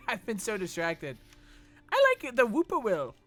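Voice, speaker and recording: Lively, bright-voiced profane streamer man. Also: high-pitched, a little slow, soft background music. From Texas, USA. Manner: rambling, profane, reads chat messages aloud and jokes back. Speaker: gaming streamer. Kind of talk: casual livestream chat while gaming.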